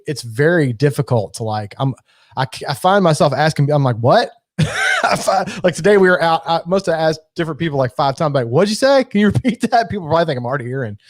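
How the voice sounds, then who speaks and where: A man co-hosting a podcast, chatting casually in an animated way with swearing. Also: on the high side, no room sound, studio quality. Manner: animated, swearing, laughs easily. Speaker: podcast co-host. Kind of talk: casual chat.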